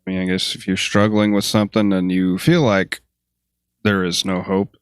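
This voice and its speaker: A man with a very deep voice, a guest on a casual podcast, answering in short, low-key replies. The sound is dry and close to the mic. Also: little pitch movement, normal speed, clear, resonant tone, no echo.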